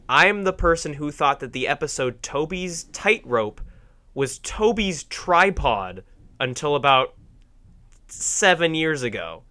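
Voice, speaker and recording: A young man hosting a podcast in casual banter, sarcastic and quick to laugh. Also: mid-range voice. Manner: animated, jokey, sarcastic, laughs often. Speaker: podcast host.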